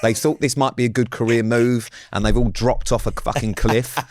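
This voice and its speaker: A man's voice: medium pitch, level tone, normal speed, slight background noise. A middle-aged man co-hosting a podcast in casual chat, blunt, dry and sweary. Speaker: podcast co-host.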